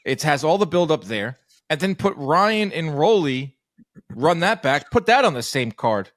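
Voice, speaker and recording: A man hosting a boxing podcast who tells stories quickly and acts out the quotes in them. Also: on the high side, very animated, no echo, clean studio sound. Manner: fast, storytelling, acts out quotes. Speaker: podcast host. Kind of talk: casual podcast chat.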